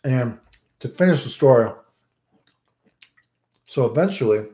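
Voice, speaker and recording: A man rambles through a crude personal story, constantly checking in with "right?". His voice sits at an average pitch. The room around him is noticeably echoey. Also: expressive, unhurried, dark tone. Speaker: storyteller host. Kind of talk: profane casual storytelling. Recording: roomy echo.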